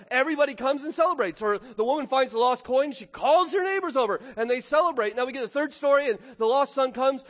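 A man preaching a sermon as a pastor, animated and questioning his listeners, acting out voices as he tells the story. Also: high-pitched. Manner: animated, acts out characters' voices and asks the congregation questions. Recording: long reverb of a large hall.

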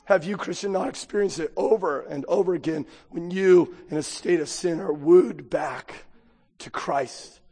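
A man's voice: a little high, measured pace, mellow, husky. A man preaching a sermon as pastor, chatty and joking, often asking the congregation "right?". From United States. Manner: conversational, joking, keeps asking the crowd "right?". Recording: long hall reverb.

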